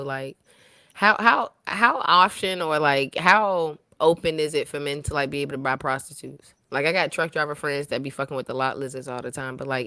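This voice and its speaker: A woman's voice: low-pitched, pushed and bright, smooth, no echo. A woman co-hosting a podcast, telling blunt, slangy stories in a casual chat full of "like". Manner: blunt, slangy storytelling with lots of "like". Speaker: podcast co-host.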